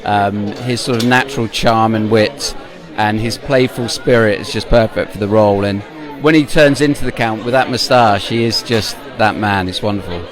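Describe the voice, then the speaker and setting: A man's voice: on the low side, fairly even intonation, normal speed, crowd noise. A man speaking with enthusiasm at an outdoor premiere interview, listing words and praising the show. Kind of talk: red carpet interview.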